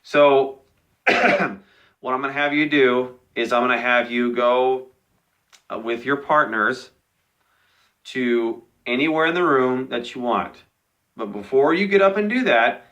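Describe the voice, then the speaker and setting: A man's voice: medium pitch, a little slow, a bit bright. A young man teaching a class, patiently explaining partner reading rules and checking in with "okay" after each one. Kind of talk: modeling classroom instructions to young students.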